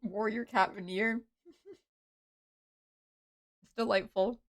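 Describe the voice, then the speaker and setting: A woman streaming a game, chatting casually and rambling with many fillers and restarts, with excited bursts and soft, muttered asides. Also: mid-range voice, slow pace. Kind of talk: casual live-stream chatter while playing.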